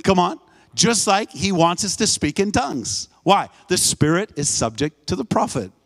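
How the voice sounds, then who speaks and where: This guest preacher speaks high with big pitch swings, a moderate pace, and a fairly bright tone, preaching live in a church sanctuary. Emphatic and repetitive, he calls out to the congregation and trades call-and-response with them.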